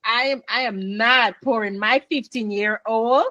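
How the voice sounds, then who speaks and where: A woman, a business owner chatting as a guest in an interview, animated and talkative. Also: a little high, measured pace, no echo, dull audio. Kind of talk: casual interview chat.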